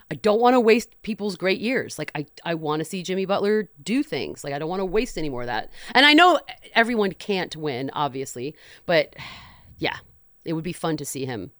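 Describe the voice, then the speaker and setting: Lively, laughing woman in a sports chat. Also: low-pitched, no room sound, clean studio sound. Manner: animated, laughing, joking. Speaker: podcast co-host.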